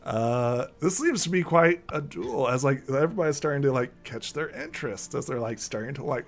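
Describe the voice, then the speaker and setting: Lively, laughing game master, a man. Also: mid-range voice, normal speed, hardly any pauses. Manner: casual, many fillers, laughs often. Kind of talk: narrating a tabletop game.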